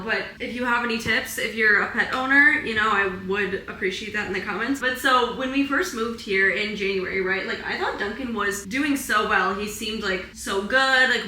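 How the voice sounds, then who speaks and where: A young wellness vlogger films a casual confessional vlog in her apartment, teary and close to crying as she rambles emotionally and says "like" constantly. Her fairly high voice is bright and forceful, captured in a reverberant, rough recording.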